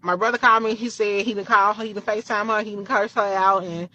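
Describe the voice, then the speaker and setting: A woman with a bright, forceful voice tells a personal story straight to her audience, swearing freely as she gets worked up. The recording sounds dull and lo-fi. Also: mid-range voice, fast talker. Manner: animated, profane, heated retelling. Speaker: storytime vlogger. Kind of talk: casual storytelling.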